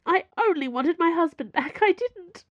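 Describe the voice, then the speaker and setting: A woman voicing a nervous, gossipy middle-aged woman who talks in a high, flustered voice. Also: animated, unhurried, slightly rough, no echo, narrow, tinny audio. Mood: pleading.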